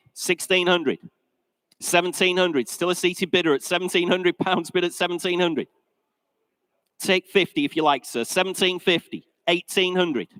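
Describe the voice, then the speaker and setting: Brisk English auctioneer, high voice. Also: male voice, a bit bright, dry recording, low-quality recording. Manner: brisk, chatty, jokes with bidders. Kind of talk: live auction calling. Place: auction sale room.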